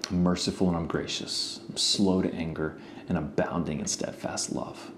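A preacher voicing God as a grave, merciful male figure, speaking slowly and solemnly. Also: fairly low pitch, dark tone, slight background noise.

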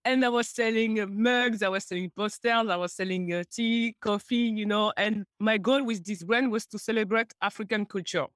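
A woman's voice: medium pitch, normal speed, few pauses, dry recording. A woman from France with a French accent, a guest on a podcast, telling stories playfully and laughing often. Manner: playful, laughing, animated storyteller. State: a little nervous.

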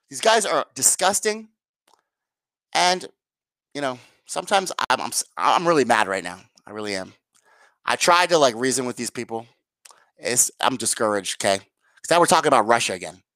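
A woman's voice: deep voice, lively intonation, normal speed, a bit bright, no room sound. A woman ranting to her viewers as a political commentator, sarcastic, profane and exasperated. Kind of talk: angry political rant to viewers.

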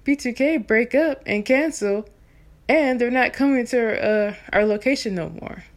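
A woman in her thirties from Texas, a soprano singer, telling a personal story in an animated, chatty way with lots of fillers. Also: fairly high pitch, unhurried. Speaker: vlogger. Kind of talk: casual storytelling.

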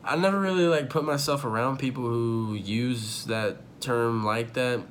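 A man's voice: medium pitch, unhurried, fairly bright tone, slight background noise. A young man telling a long personal story in a casual, rambling way, full of fillers and swearing, at home. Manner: rambling, profane, filler-heavy with many likes. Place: home room.

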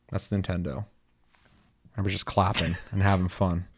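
A man hosts a loose gaming podcast in a lowish voice. He swears freely and jumps into jokey, high quoted voices while riffing. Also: level tone, moderate pace. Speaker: podcast host. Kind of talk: casual gaming podcast chat.

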